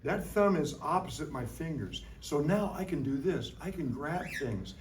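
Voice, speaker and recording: A man teaching a lively science lesson to young children in a classroom, playful and full of call-and-response. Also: fairly high pitch, moderate pace, slight background noise. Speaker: science educator visiting a class. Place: school classroom. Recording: roomy room from a distant mic.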